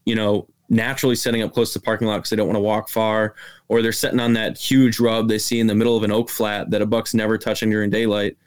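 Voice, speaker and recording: A man's voice: lowish voice, level tone, quick pace, clean tone. A man, a guest hunter in a casual podcast interview, explaining his approach step by step.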